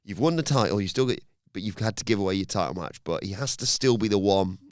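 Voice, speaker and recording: Male podcast host, lively swooping pitch, smooth clear voice, dry close sound, casual storytelling with acted quotes. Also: quick pace, no echo. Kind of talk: casual wrestling review chat.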